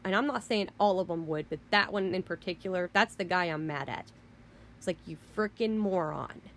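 A woman's voice: lowish voice, moderate pace, slight background noise. A woman hosting a podcast, ranting in an indignant, heated way with mild swearing and frequent restarts. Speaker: podcast host. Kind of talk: casual rant.

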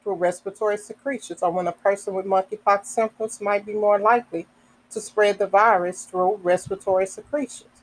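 Woman podcaster reading off health info, slow and careful, lots of ums, stops to chat a bit. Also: mid-range voice, fairly even intonation, low-quality recording. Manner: reads slowly with fillers and self-corrections; adds casual asides. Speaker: podcast host. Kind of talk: reading health information aloud.

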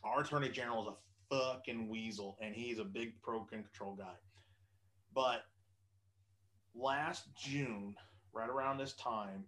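Male podcast host, mid-pitched, rambling casual talk full of fillers and swearing. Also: fairly bright tone, poor audio. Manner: rambling, profane, with many fillers. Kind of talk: casual political chat.

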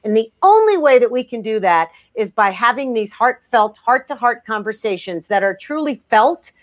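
A woman talking in a podcast interview, emphatic and energetic, often restarting her sentences. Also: a little high, normal speed. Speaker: guest.

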